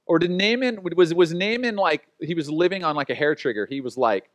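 A man's voice: on the high side, brisk, few pauses, a bit bright, no echo. A man preaching as a pastor in a casual, conversational way, acting out quotes and laughing at his own stories. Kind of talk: sermon.

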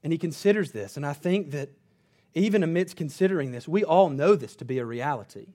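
High-voiced earnest man preaching. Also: animated, a little fast. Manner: earnest preaching, dropping to low quiet emphasis. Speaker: pastor. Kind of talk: sermon.

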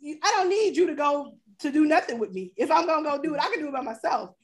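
A woman co-hosting a casual chat show, talking in a blunt, animated and profane way. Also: high voice, quick pace. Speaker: podcast co-host.

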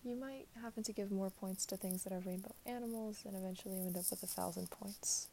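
A young woman giving a reflective spoken monologue, her voice soft and drifting in and out of a whisper. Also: medium pitch, fast, gravelly, a little hiss or hum.

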